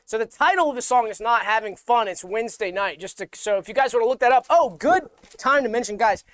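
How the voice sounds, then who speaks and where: High-voiced man, rambling deadpan co-host. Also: quick pace, dry recording. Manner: rambling, mock-earnest, repeats himself. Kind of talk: deadpan comedy livestream chat.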